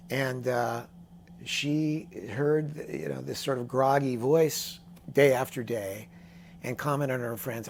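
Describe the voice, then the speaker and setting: Gravelly older male storyteller. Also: medium pitch, slow, a little hiss or hum. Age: 60s. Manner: animated storyteller, acts out quoted voices. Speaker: songwriter guest. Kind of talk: casual storytelling interview.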